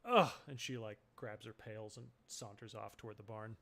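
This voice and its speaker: Relaxed man running a tabletop game. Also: fairly low pitch, normal speed, vocal fry. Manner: relaxed, brief replies. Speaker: game master.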